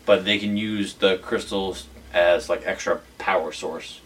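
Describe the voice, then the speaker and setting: A man with a fairly low voice recaps a TV episode in casual podcast chat. He rambles with lots of "like" and slips into quoting the characters. He sounds a little distant from the mic. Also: steady tone, measured pace, a bit bright, slight background noise. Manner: rambling, filler-heavy, acts out quotes. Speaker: podcast co-host. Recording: voice a bit off-mic.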